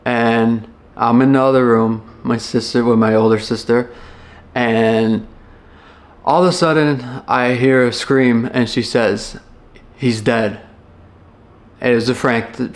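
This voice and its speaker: This young man from Chicago, once a firefighter, reflects on a personal memory in an everyday middle pitch. He keeps stopping and starting again, filling gaps with fillers, and his telling feels earnest and rough around the edges.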